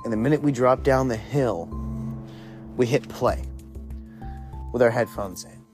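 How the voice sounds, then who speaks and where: A young man recounting a story casually, swearing all the time and padding with "like". His voice sits in an ordinary middle pitch. Faint music plays in the background. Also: a little slow, a little mellow. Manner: rambling, swears constantly, lots of 'like'.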